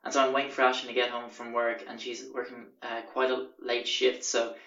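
A young man casually telling a profane, animated anecdote on a podcast. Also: medium pitch, fairly quick, recorded from a distance. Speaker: podcast host. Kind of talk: casual storytelling. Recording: roomy, dull lo-fi recording.

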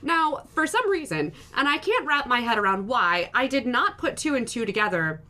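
A woman co-hosting a podcast in casual chat, animated and laughing often, with hesitant fillers. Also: a little high, moderate pace. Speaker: podcast co-host.

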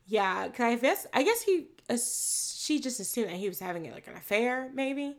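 A woman in casual chat recapping a film, animated and profane, acting out the characters' lines as she goes. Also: a little high, moderate pace.

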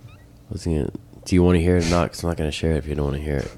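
A man's voice: very deep voice, fairly even intonation, racing, dark tone, slight background noise. A young man in casual chat with friends, telling a story animatedly, swearing, laughing and mimicking his mother.

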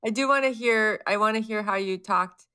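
Bright-voiced woman co-hosting a podcast. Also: medium pitch, brisk, clean tone. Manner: teasing, prodding the other host. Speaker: podcast co-host. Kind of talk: casual chat.

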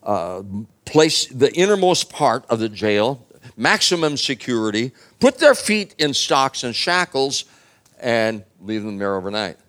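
A man's voice: mid-range voice, very animated, unhurried, fairly bright tone. A man preaching a sermon, retelling a story in a casual, humorous way with many fillers.

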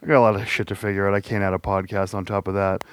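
A man's voice: on the low side, little pitch movement, rapid-fire, clean tone, no room sound. A man co-hosting a casual podcast, joking around and laughing often, now and then slipping into goofy voices. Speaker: podcast co-host. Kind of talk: casual chat.

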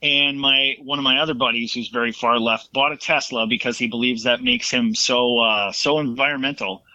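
A man's voice: medium pitch, fairly even intonation, normal speed, pushed and bright, no echo. A man in casual political chat, opinionated and retelling exchanges at length. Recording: dull lo-fi sound.

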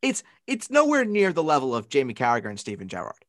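A man co-hosting a casual sports podcast, chatting and breaking into loud commentator and accent impressions. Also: mid-range voice, huge pitch swings, fast, dry recording, clean studio sound. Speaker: podcast co-host.

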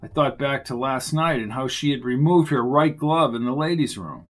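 A man's voice: medium pitch, normal speed, hardly any pauses. A man narrating a first-person detective audiobook in a dry, wry manner.

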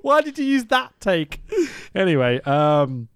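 Animated sweary podcast host. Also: male voice, a little high, measured pace, smooth, no echo, clean studio sound. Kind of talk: casual chat.

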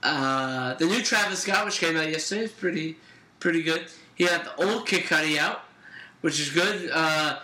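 Bright, high-voiced young man chatting. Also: normal speed. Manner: laid-back storytelling with frequent fillers and laughs. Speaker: podcast co-host. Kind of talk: casual chat. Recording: roomy echoey room.

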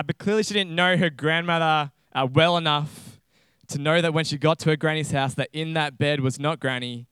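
A man's voice: a little high, fairly bright tone, clear, resonant tone, dry recording. A young adult man with an Australian accent preaching a chatty sermon and reading a storybook aloud. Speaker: pastor.

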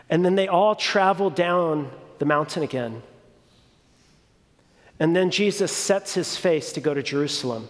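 A man preaching a sermon in a deliberate, emphatic way, repeating phrases for weight. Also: a little high. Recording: long reverb of a large hall.

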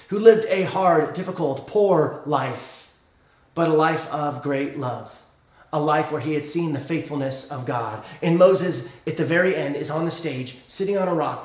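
A man preaching a sermon as pastor, telling a story earnestly and praying softly. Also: reverberant. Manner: earnest storytelling, dropping soft and low in prayer.

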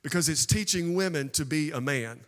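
A man preaching a sermon, swinging from hushed asides to shouted declarations. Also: a little high, moderate pace. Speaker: pastor. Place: church sanctuary. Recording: long reverb of a large hall.

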